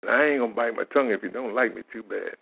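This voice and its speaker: A man's voice: on the low side, rapid-fire, vocal fry, husky. A man, telling faith-healing stories in a plain-spoken, folksy way as a lay minister. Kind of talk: informal testimony monologue. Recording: tinny phone-like audio.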